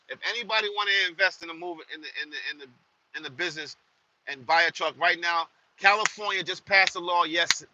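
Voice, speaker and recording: A man who drives trucks, talking casually to viewers in an animated, slangy way with lots of repetition. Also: sits high, poor audio.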